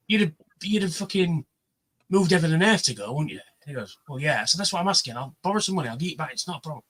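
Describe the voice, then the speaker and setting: Husky, forceful man. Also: a little high, fast talker, low-quality recording. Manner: animated, swears freely, acts out quoted voices. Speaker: livestream panelist. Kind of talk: casual chat, storytelling.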